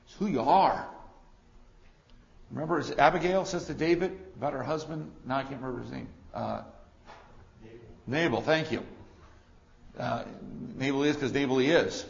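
A man preaching an expository sermon, swinging between loud declarations and quiet asides. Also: mid-range voice, moderate pace, creaky, long pauses, lo-fi sound.

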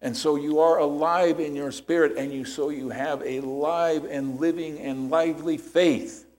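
A man's voice: a little high, fairly even intonation, measured pace, darkish tone. A man preaching a sermon as pastor, explaining scripture step by step and checking in with rhetorical questions.

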